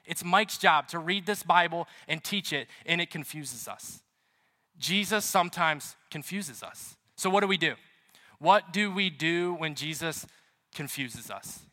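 A man's voice: fairly high pitch, animated, unhurried, pushed and bright. A man preaching a sermon as pastor, chatty and storytelling, with emphatic repetition. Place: church. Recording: reverberant hall.

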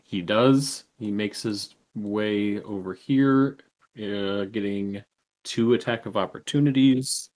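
Slow, low-voiced man running the game. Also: darkish tone. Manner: measured, explains rules with fillers. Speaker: game master.

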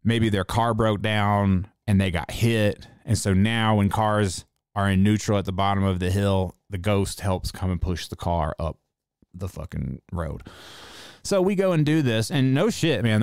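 A man tells a story in loose, casual talk, swearing freely and getting worked up. His voice sits a little low and sounds smooth and clear. The sound is dry and close, with no room around it. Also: no room sound. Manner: profane, animated storyteller.

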